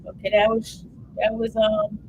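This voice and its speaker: A woman hosts a livestream and talks her viewers through updates as they come in, swinging between eager and emotional. Her voice sits a little high, with a faint hiss of noise underneath. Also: measured pace, lo-fi sound. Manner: animated, emotional, addresses viewers as y'all. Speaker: livestream host. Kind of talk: live commentary reading updates aloud.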